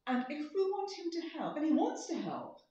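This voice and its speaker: Animated woman preaching in an echoing church. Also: sits high, normal speed. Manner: animated, dramatic emphasis, acts out quotes. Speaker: guest speaker. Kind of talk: church talk. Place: church hall. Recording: distant roomy church hall, slightly dull.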